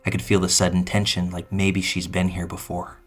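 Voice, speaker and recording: Deep, flat-voiced male narrator. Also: a little fast. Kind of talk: scripted narration of a true story. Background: faint music.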